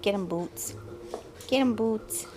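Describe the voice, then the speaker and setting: A woman's voice: mid-range voice, slow, over music. A mother filming at home, coaxing and teasing her young son and the family dog in a playful sing-song way. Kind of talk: casual home video. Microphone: handheld camera.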